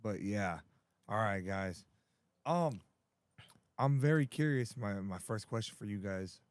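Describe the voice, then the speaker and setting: A man co-hosting a podcast, welcoming guests and asking questions with many pauses. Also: on the low side, animated, dry recording. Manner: hesitant, many ums. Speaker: podcast co-host.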